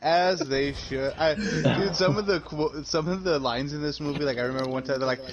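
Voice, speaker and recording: A man's voice: fairly high pitch, steady tone, brisk, a crowd in the background. A man co-hosting a podcast, joking crudely and laughing in casual chat. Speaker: podcast co-host. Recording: muffled with loud noise.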